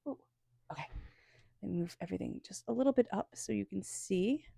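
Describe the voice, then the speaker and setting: A woman reads tarot cards into a small microphone. Her tone is gentle and meditative at first, then loose and conversational, with plenty of "like" and "you know". The sound is dry and close, with no room echo, and her pitch sits mid-range. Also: brisk, creaky. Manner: soft guided-meditation phrasing, casual with many fillers. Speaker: tarot reader. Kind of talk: spoken tarot reading.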